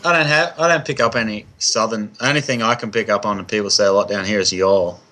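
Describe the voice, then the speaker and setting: Relaxed Australian man, low voice. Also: fast. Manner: relaxed, brief, hesitant with fillers. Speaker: guest racer. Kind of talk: casual interview chat.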